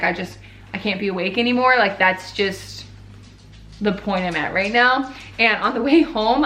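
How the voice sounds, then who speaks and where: A woman's voice: medium pitch, fairly bright tone, roomy sound. A young woman talking casually in a video diary, chatty and tired, filling her talk with "like". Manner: chatty, heavy use of "like", tired. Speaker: vlogger.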